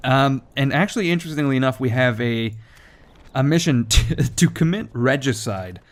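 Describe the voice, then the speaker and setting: A man's voice: mid-range voice, normal speed. Man joking through gameplay commentary. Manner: joking, rambling, swears freely.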